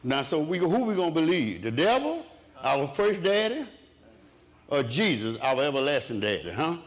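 A man's voice: a little high, very animated, moderate pace. A man preaching a sermon in a rhythmic way, asking the congregation questions and answering them himself.

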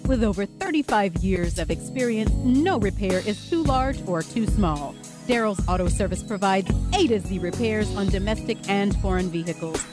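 A woman reads a scripted commercial in a sing-song manner with a very animated pitch. Loud music plays under her voice throughout. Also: normal speed. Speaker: ad voice-over.

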